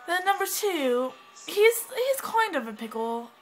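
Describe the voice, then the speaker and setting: At home indoors with a cat, a woman vlogger rambles to her camera in a put-on English accent, her very high, sing-song voice at a measured pace. Bubbly and scattered, she giggles and cuts herself off. The recording is low quality, with faint music behind.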